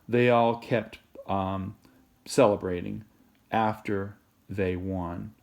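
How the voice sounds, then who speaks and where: A man teaching Spanish in a recorded video lesson, explaining in a relaxed, rambling way and checking in with "okay?" and "right?". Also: on the low side, slow, gravelly.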